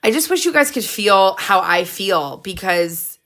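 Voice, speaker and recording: An excitable woman chats casually as she hosts a live stream, her voice carrying a gravelly edge. She hops from one idea to the next and laughs often. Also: medium pitch, measured pace. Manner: excitable, jumps between ideas, frequent laughs.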